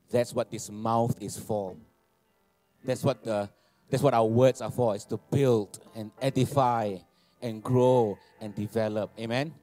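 A man, preaching a sermon, animated and laughing, repeating phrases and asking for amens. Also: mid-range voice, no room sound. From Malaysia. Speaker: pastor. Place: church hall.

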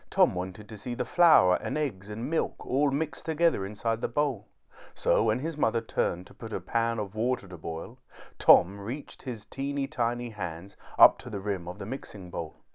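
Man reading a children's storybook expressively. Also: lowish voice. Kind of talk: storybook read-aloud.

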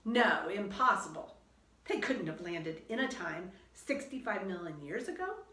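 A woman's voice: mid-range voice, sing-song, a little slow, sharp tone, distant mic. A woman doing a cautious, bookish young boy. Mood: worried. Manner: worried, doubtful. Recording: roomy echo.

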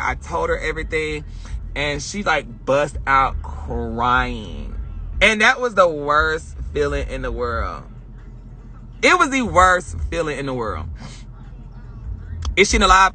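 A young woman vlogger telling a personal story in a chatty, animated way, swearing and acting out quotes. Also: medium pitch, slightly rough. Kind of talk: casual storytelling.

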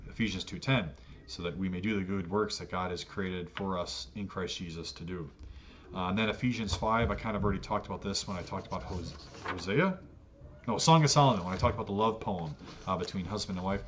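An American man teaching an adult catechesis lesson on the Bible in a relaxed, conversational way, with fillers and self-corrections. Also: deep voice, brisk. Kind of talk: Bible study lecture. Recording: dull lo-fi audio with faint noise.

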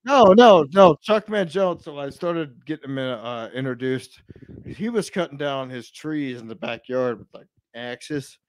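A man talking as a podcast guest in brash, profane, rambling casual chat, swinging between loud outbursts and low mutters. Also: lively intonation, unhurried, no echo.

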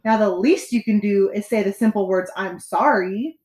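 A woman's voice: medium pitch, moderate pace, darkish tone, natural voice. A woman voicing a bold young boy in a read-aloud picture book, speaking bluntly and scolding. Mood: stern. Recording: echoey room.

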